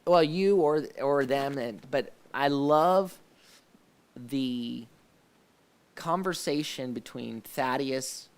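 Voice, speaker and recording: A man hosting a relaxed live discussion, his voice carrying a gravelly edge at a middle pitch. He talks haltingly, with frequent fillers and restarts, yet sounds eager about what he describes. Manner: hesitant, many restarts and fillers; enthusiastic about the scenes he describes. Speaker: host of a faith discussion show.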